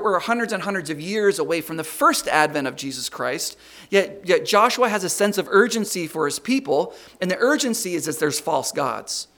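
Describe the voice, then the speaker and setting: A middle-aged man preaching a conversational sermon, stumbling over repeated words and rising loud and slow when he reads scripture. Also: high voice.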